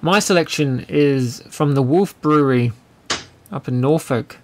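A man's voice: a little high, measured pace, darkish tone, slight background noise. Jokey man in a casual chat. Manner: jokey, teasing. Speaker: podcast co-host.

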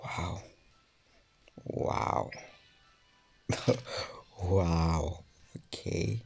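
Low gravelly young man ranting over a game. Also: drawn-out words, a little mellow, soft background music. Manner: frustrated, swears a lot, drops to whispers. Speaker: mobile game YouTuber. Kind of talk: casual gaming vlog commentary.

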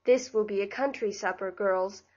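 A woman reading the part of a cheerful, bustling young woman in an audiobook, with a brisk, bright delivery. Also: medium pitch, muffled recording, lightly acted.

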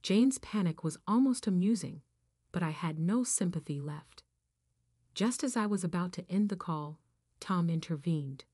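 A woman narrating a first-person story in a firm, even reading voice. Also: on the low side, normal speed, no room sound, studio quality.

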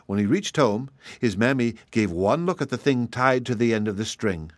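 A man reading a traditional children's story aloud, in a measured way that slows gently for effect. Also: mid-range voice, animated, no echo, clean studio sound.

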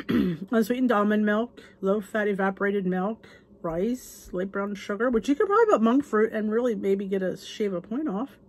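A woman with a husky, slightly breathy voice chats casually through a cookbook on her channel. She reads recipe names aloud and gushes over the dishes, sometimes dropping to a whisper. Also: medium pitch, animated, moderate pace, darkish tone. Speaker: cooking channel host reviewing a cookbook. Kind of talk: casual chat.

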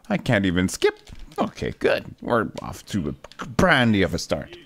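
A man playing a game for a video, joking sarcastically and jumping into sudden loud, high yelps. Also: sing-song, a little slow, soft background music. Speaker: gaming YouTuber. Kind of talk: let's play commentary.

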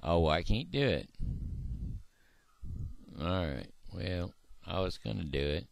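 A man's voice: lively intonation, vocal fry, no echo. A man, chatting casually on his own vlog between singing old country songs. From Missouri. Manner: sings slow old country songs unaccompanied, then chats quickly and low between them. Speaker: vlogger.

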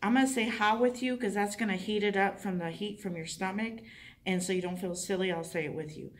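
A woman's voice: mid-range voice, fairly even intonation, recorded from a distance, slight background noise. Woman instructor coaching a class, echoey room. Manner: chatty, encouraging, coaching with quick asides. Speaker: dental assisting instructor. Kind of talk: hands-on classroom demonstration.

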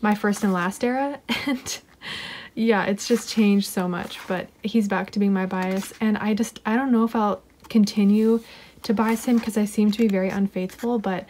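A woman talks casually over an unboxing at her home desk, giggling and gushing, sometimes slipping into a whisper. Her voice sits at an ordinary middle pitch. A faint hiss runs under the camera mic. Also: fairly even intonation, moderate pace, darkish tone. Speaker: unboxing vlogger.

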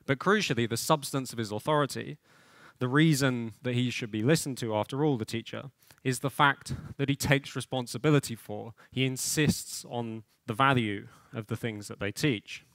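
A man's voice: mid-range voice, normal speed, a bit bright, dry recording, clean studio sound. A man giving a spoken talk on education, thoughtful and full of fillers and restarts. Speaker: policy speaker.

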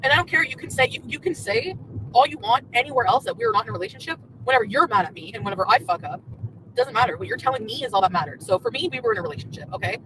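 A woman's voice: fairly high pitch, lively intonation, racing, noisy background. A woman streamer in a car, ranting furiously and profanely at an ex. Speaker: streamer in a played clip. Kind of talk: angry rant at an ex. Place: in a moving car.

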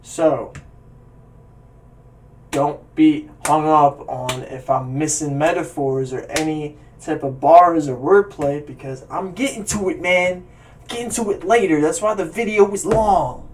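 A hyped-up man chatting through a music reaction, rambling and self-correcting as he goes. He talks slowly with a slightly raised pitch, heard from some distance on webcam audio in a room at home. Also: slight background noise. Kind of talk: casual reaction chat.

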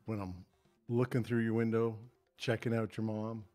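A man's voice: lowish voice, flat delivery, moderate pace, warm tone, soft background music. A man giving an improvised comic talk with a mock-grand, storytelling manner. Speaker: improv game player.

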